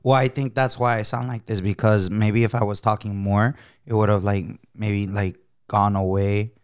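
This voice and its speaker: A man co-hosting a casual podcast, hoarse from a sick voice, mostly giving brief agreeable replies. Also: on the low side, flat delivery, normal speed, no echo, studio quality. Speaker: podcast co-host.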